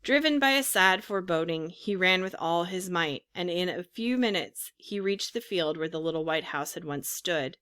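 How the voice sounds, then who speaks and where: A woman narrating a storybook in an expressive reading style. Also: fairly low pitch, moderate pace, few pauses, smooth. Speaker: audiobook narrator. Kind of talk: scripted narration.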